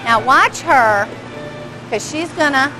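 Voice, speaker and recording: High-voiced chatty woman instructor. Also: animated, slow, music in the background, low-quality recording. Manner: chatty, engaged, asks the audience questions, chuckles often. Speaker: dog behavior instructor. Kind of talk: live commentary on home video for a class.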